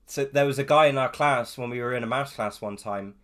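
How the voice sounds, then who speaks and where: Speaking at a moderate pace in a medium-pitched, fairly bright voice, an English man on an art contest judging panel chats casually with the group. His anecdotes ramble, with many restarts.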